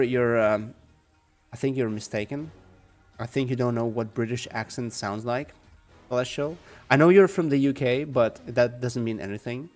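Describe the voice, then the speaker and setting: A young man with a calm, soft-spoken manner chatting casually with viewers while playing a game at home. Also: medium pitch. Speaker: gaming streamer. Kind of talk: casual live game commentary. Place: home room.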